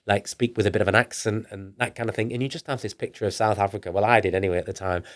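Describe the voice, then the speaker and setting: A man's voice: fairly low pitch, fairly even intonation, rapid-fire. A man with a northern English accent, a business guest telling his story in a casual podcast interview, rambling along with restarts and acting out the things people said to him. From northern England. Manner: rambling, with restarts and acted-out quoted dialogue. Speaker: entrepreneur guest.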